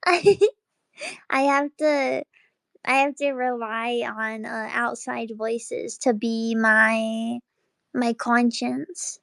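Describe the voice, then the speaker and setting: A high-pitched woman streamer rambles through a casual late-night chat, excitable and often breaking into laughter. Her very slow, smooth voice has vocal fry, and the sound is dry and close with no room sound.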